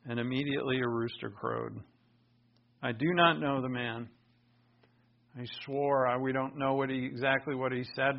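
Male pastor mid-sermon, earnest delivery punctuated by loud emphatic swells; somewhat high voice, muffled lo-fi recording. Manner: earnest preaching with sudden loud emphatic bursts.

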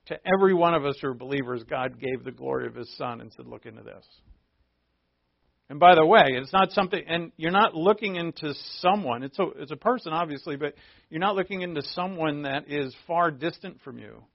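A man's voice: on the high side, brisk, gravelly, no room sound. Preaching man, dull lo-fi sound. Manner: conversational preaching, rhetorical asides. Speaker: pastor. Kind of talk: sermon.

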